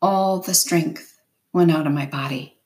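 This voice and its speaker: A woman reading a novel aloud in first person with steady, unhurried storytelling. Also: sits low, background noise. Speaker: reader.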